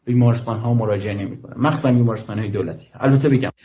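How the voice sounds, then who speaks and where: A man who works with an aid group gives formal testimony in an interview, with frequent pauses and fillers. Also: on the low side, mellow. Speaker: guest, aid worker.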